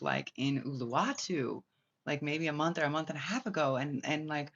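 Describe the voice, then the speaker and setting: A spiritual reader telling a long personal story in a rambling, excitable way, swearing often and full of filler words. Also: mid-range voice, normal speed. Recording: slightly muffled lo-fi audio.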